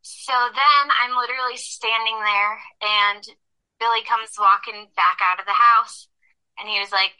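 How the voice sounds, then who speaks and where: A young woman telling a personal story as a podcast guest, talking quickly with lots of "like" and swearing. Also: on the high side, fairly even intonation, pushed and bright, clean tone. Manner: rapid, heavy use of "like", frequent swearing. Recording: tinny phone-line sound.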